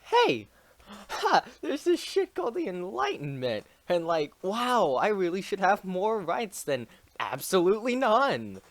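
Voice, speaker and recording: Guy doing a squeaky excited revolution leader yelling at everybody, cursing a lot, lively. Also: measured pace, no echo, full character voice. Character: rowdy male revolutionary leader rousing crowds.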